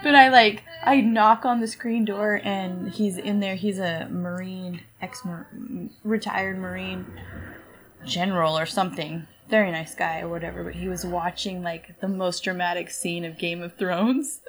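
Rambling, animated woman telling stories. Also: lowish voice, unhurried, a little hiss or hum, poor audio. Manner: rambling, animated storyteller with many fillers. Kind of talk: casual chat.

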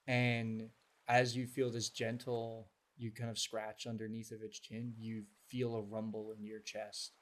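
A man's voice: fairly low pitch, completely flat delivery, a little slow. A man narrating a tabletop game as game master, describing scenes in detail. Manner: descriptive, evenly paced narration.

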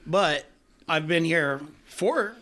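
A man's voice: a little high, animated, slow pace, sharp tone, slight background noise. A man hosting a casual podcast from a friend's house, joking and laughing often. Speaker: podcast host.

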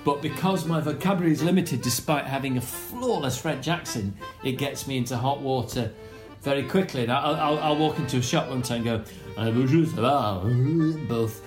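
A man's voice: mid-range voice, fairly quick, echoey room, music in the background. A middle-aged Englishman co-hosting a podcast, chatting casually and joking with mock French and put-on voices. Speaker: podcast co-host. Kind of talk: casual chat, reading listener suggestions.

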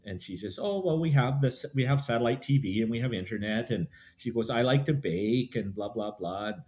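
A man's voice: fairly low pitch, fairly quick, darkish tone, slight background noise. Chatty man telling trail stories. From Canada. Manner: chatty, quotes people in stories. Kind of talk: casual storytelling.

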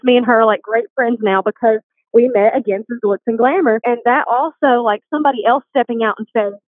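A woman with a fairly high voice tells her faith story earnestly and with animation. She comes through a dry, tinny phone line. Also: dry recording. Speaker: guest. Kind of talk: faith testimony chat.

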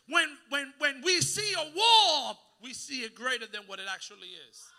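A man, preaching a sermon as a guest pastor, swinging from hushed asides to shouting and calling on the congregation to answer. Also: very high-pitched, big pitch swings, moderate pace.

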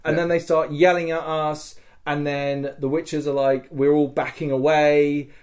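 A man's voice: a little high, unhurried. A man co-hosting a podcast, telling a story in casual chat with lots of swearing and fillers. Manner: excitable, profane, lots of fillers. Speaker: podcast co-host.

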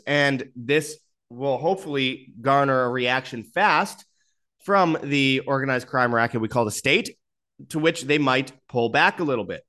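A man's voice: mid-range voice, fairly bright tone. A man hosting an online commentary show, reading out posts and articles and adding his own remarks with frequent fillers. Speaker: commentary channel host. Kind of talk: political commentary over news clips.

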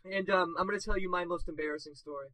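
A man's voice: sits high, fairly even intonation, fast talker, pushed and bright, dry recording, poor audio. A young man in his twenties co-hosting a casual podcast, telling rambling stories full of fillers and laughing at his own punchlines. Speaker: podcast co-host. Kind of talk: casual storytelling.

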